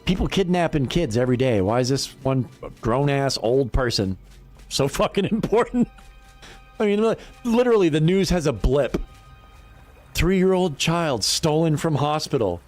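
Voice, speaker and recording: This livestream gamer has a medium-pitched, sing-song voice with a darkish tone, and faint music plays behind him. His casual chatter is profane and rambling, and he's quick to laugh between thoughts.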